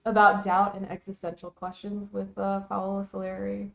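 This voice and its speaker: A woman's voice: medium pitch, completely flat delivery, normal speed, creaky, a crowd in the background. A woman co-hosting a talk show, mostly giving brief affirmations and summing up the other speaker's points. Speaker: co-host. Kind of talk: casual conversation. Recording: echoey, dull-sounding room.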